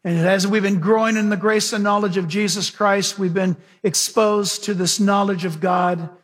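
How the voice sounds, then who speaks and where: Husky high-pitched preacher guy, middle-aged, gets loud then drops quiet, big echoey hall. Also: moderate pace. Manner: animated storytelling, swings from loud to hushed. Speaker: pastor. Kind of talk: sermon.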